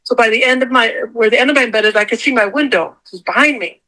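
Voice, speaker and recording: A middle-aged woman telling her own story as a podcast guest, acting out what she said in a high, animated voice. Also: fast, rough recording. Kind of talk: casual storytelling interview.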